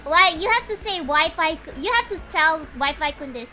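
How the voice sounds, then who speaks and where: High-voiced, excitable woman streamer. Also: moderate pace. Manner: excitable, chatty, talks to chat. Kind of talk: casual game livestream chat. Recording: loud game music behind.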